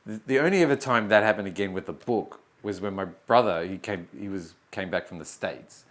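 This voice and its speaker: Man, lowish voice, animated storyteller acting out quotes, casual chat. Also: a little fast. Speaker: guest comedian.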